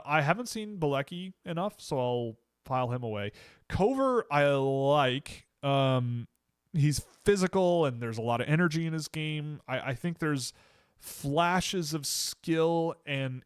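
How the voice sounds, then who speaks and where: On a livestream, a Canadian man with a middle-pitched voice chats casually, thinking out loud and restarting sentences as he fields questions from chat. The recording is close and dry, with no room sound at all.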